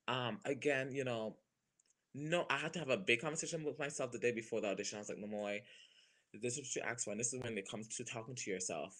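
Young Caribbean-born man, bright voice, expressive guest chat with sudden high-pitched bursts. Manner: expressive, playful, jumps into high exclamations. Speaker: guest performer. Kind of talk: animated casual talk.

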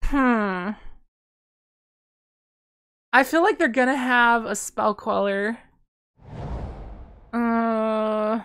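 A fairly high-voiced woman gives play-by-play on her own card game from a home desk microphone. She chats and thinks aloud, then breaks into sudden excited bursts. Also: very slow, long pauses, clear, resonant tone. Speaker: gameplay streamer. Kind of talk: casual play-by-play commentary.

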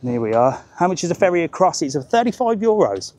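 A man's voice: on the high side, sing-song, quick pace, dark tone. A man doing a chatty, upbeat live-stream vlog while walking outdoors along a busy seaside promenade, talking into a handheld phone. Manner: chatty and upbeat, chats with passers-by. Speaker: travel vlogger.

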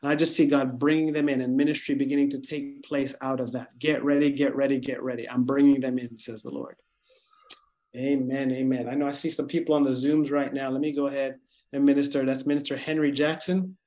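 A man's voice: mid-range voice, little pitch movement, fairly quick, dark tone. A man giving fervent prophetic words at a church service, repeating phrases and building in intensity. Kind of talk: prophetic ministry over a congregation.

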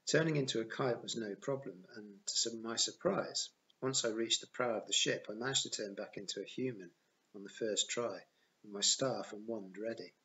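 A man's voice: on the low side, moderate pace, pushed and bright, muffled recording. A man reading a novel aloud as an audiobook, narrating plainly in the first person. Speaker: audiobook reader.

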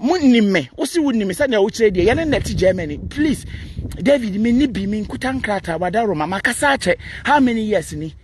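Outdoors beside a busy road, with slight background noise, a Ghanaian Twi-speaking vlogger answers a critic to camera. His high voice is expressive and fairly quick as he delivers a defiant, mocking rant mixing Twi and English.

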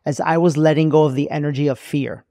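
A man's voice: on the high side, fairly even intonation, fast talker, vocal fry, mellow, no echo, studio quality. A man hosting a podcast, reacting reflectively and searching for words in a casual interview. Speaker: podcast host.

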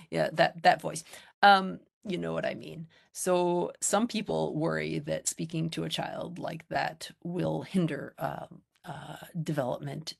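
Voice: mid-range voice, fairly even intonation, measured pace, creaky. A lecturer on child language research giving an informal public talk over a video call, explaining in a conversational, reassuring way.

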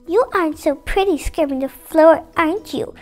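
A woman's voice: very high-pitched, moderate pace, a little mellow, soft background music. A woman voicing a jealous, scheming stepmother in a fairy tale, mocking and bossy in tone. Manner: crackling, mocking, commanding.

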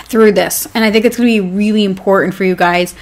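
A woman's voice: medium pitch, fairly even intonation, fast talker. A woman coaching pet groomers in a casual live class, chatty and upbeat, rambling with plenty of fillers. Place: home with her dog nearby.

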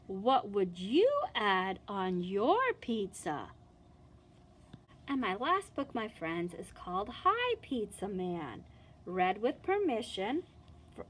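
A woman, a children's librarian, reading a picture book and singing a song to young children in an animated, sing-song manner. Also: medium pitch.

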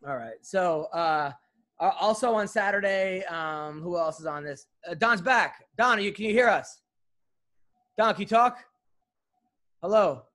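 Casual man, podcast host, light high voice, joking banter. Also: unhurried, pauses often, a bit bright. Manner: loose, joking, swears. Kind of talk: casual chat on a video call.

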